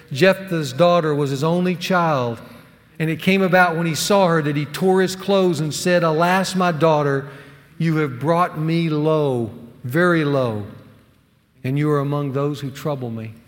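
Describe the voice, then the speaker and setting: Earnest male preacher in a reverberant hall. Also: fairly high pitch. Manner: earnest, emphatic storytelling with dramatic pauses. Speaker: pastor teaching a men's series. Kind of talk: sermon.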